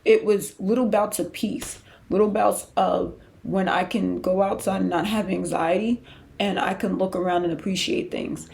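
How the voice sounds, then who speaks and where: A woman with a heavily gravelly, fry-laden voice at a middle pitch tells her own faith story as a podcast host. She talks candidly and emotionally, in loose conversational runs that restart mid-thought. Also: fairly even intonation, moderate pace, a little mellow. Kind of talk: personal faith testimony.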